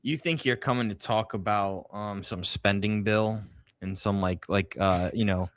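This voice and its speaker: A man co-hosting a political talk show, mocking and laughing through quick asides. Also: on the low side, steady tone, no room sound. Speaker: co-host.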